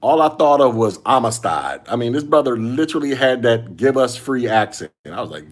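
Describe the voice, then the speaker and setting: A man's voice: mid-range voice, sing-song, brisk, few pauses. A man hosting a solo podcast, giving casual commentary in loose slangy talk, repeating himself and chuckling often. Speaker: podcast host.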